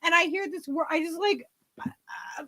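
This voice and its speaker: A woman co-hosting a casual livestream, rambling and chatty with lots of "like" and quick laughs. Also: very high-pitched, sharp tone, dry recording. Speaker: co-host.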